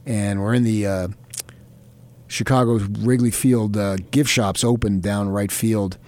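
A man's voice: fairly low pitch, steady tone, a little slow, a little mellow. A man co-hosting a sports talk show, telling stories in a rambling way with many fillers. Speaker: sports reporter and co-host. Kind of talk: casual chat.

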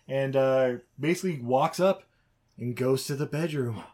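A man's voice: mid-range voice, moderate pace, a little mellow. A man co-hosting a podcast who rambles and swears, laughing as he retells a movie plot. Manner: rambling, profane, laughs through his retelling. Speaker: podcast co-host. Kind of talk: casual movie recap chat.

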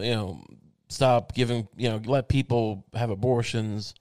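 A man's voice: medium pitch, moderate pace, a little mellow, no room sound, studio quality. A man hosting his show in a meandering, wry casual monologue, thinking aloud with many restarts. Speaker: show host.

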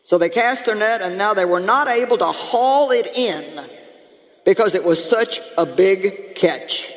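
A woman pastor preaching a lively, humorous sermon to her congregation, calling out to them as she goes. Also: medium pitch, measured pace, long reverb tail. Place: church sanctuary.

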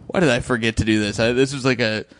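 A man's voice: mid-range voice, steady tone, quick pace, very noisy. A man hosting a casual comedy podcast, joking and self-mocking with lots of fillers. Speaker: podcast host.

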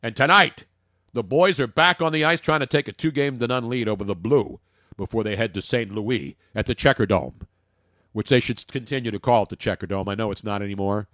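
A man co-hosting a sports talk show, ranting and joking in casual banter with big swings in his pitch. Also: fairly quick, a bit bright, dry recording, studio quality. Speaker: podcast co-host.

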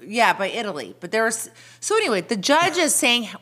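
Bright-voiced middle-aged woman telling a story. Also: fairly high pitch, a little fast. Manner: animated retelling with quoted dialogue, giggly. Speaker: co-host. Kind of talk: casual chat, storytelling.

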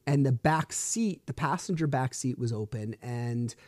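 A man's voice: mid-range voice, expressive, a little slow, darkish tone, no echo. A man in his thirties hosting a solo podcast, telling a story in a frustrated, rambling way with swearing and restarts. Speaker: podcast host.

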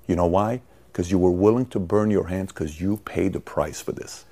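A man's voice: deep voice, moderate pace, dark tone, pitched below the performer's own voice. A man voicing a firm, demanding father in a story he tells. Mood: tender.

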